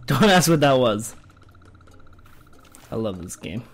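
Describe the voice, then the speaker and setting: A young man giving goofy, exclamatory commentary while playing a game, jumping between loud yelps and low mutters. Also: lively intonation, unhurried, pauses often, soft background music. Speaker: gamer.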